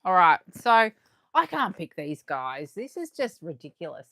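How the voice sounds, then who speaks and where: A woman chatting excitedly to viewers as she unboxes collectibles live, her voice going a little hoarse. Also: on the low side, measured pace, dry recording, studio quality. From Australia. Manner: chatty and excitable, gasping and laughing, talking to viewers. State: losing her voice. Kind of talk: casual live unboxing chat.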